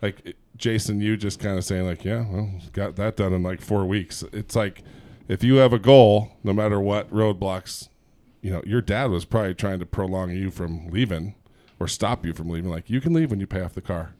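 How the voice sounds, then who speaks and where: A man's voice: lowish voice, normal speed, dark tone. A man hosting a podcast, speaking reflectively in casual conversation. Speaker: podcast host. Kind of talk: casual interview chat.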